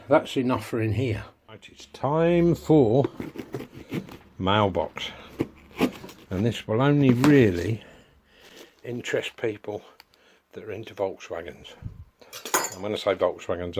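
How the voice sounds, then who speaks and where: A man's voice: on the low side, a little slow, background noise. A middle-aged man, chatting casually in a home workshop vlog and going off on homely asides. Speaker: DIY vlogger.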